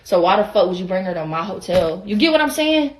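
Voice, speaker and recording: A woman's voice: medium pitch, sing-song, quick pace, a little hiss or hum, low-quality recording. A young woman telling a storytime on a livestream, heated, profane and rambling, often breaking off to ask whether you follow. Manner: heated, profane, rambling, keeps asking you know what I'm saying. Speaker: social media personality. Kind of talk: casual livestream storytime rant.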